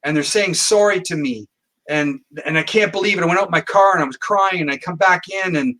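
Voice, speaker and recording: A man's voice: on the high side, sharp tone. A man telling a long personal story as a guest in a podcast interview, acting out quoted dialogue. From Canada. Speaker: guest psychic.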